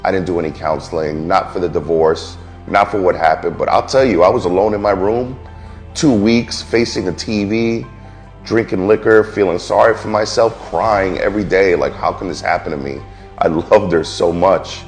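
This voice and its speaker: A man in his forties from New York, a military veteran, speaking candidly and reflectively about his life, often pausing and restarting. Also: low-pitched, steady tone, faint music behind. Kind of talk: personal testimony.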